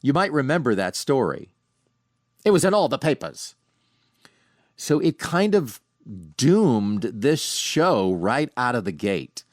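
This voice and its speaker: A middle-aged man hosting a podcast, casually telling animated anecdotes from home with frequent restarts. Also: medium pitch, slow pace, pauses often, no room sound, clean studio sound. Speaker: podcast host. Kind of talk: casual storytelling monologue. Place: home, sitting on a couch.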